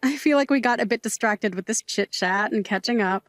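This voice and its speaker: Middle-aged bar-working aunt, doting and theatrical, high bright voice, dry read; female actor. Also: a little fast, no room sound, close to an everyday voice. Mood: wistful. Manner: fussy, dramatic, gushing. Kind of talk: audio drama acting.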